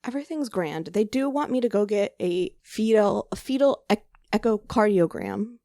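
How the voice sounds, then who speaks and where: A woman's voice: mid-range voice, animated, normal speed, dark tone, dry recording, clean studio sound. A pregnant young woman co-hosting a podcast, chatting casually and ranting with plenty of swearing, a little short of breath. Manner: exasperated ranting, lots of swearing. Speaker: podcast co-host. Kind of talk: casual chat.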